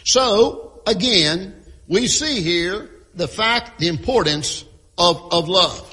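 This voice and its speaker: Slow emphatic preacher in a reverberant church. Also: male voice, high voice, lively intonation, sharp tone. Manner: emphatic, repeats key phrases, frequent throat clearing. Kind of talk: sermon. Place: church with a sound crew. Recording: long hall reverb.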